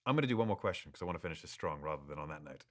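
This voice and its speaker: A man with a rumbling low voice races through a live social-media Q&A at a very fast pace. He reads each fan question aloud and replies with easy good humor, frequently stumbling and starting over.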